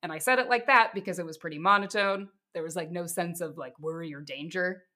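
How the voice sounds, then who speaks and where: A woman co-hosting a podcast, telling a crime case in a casual, steady way with chatty asides. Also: lowish voice, fast. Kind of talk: casual true crime storytelling.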